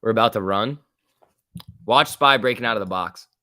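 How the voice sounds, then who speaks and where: A man's voice: fairly low pitch, normal speed, sharp tone, no echo, studio quality. A man hosting a live stock market stream, calling price moves and reading viewer messages in a casual, joking way. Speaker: livestream host.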